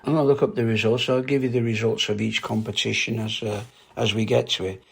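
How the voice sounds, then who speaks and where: A man's voice: on the low side, little pitch movement, fast, gravelly, breathy edge. An older man, a karate instructor hosting a podcast, telling rambling anecdotes in a casual, chatty way and laughing at his own stories.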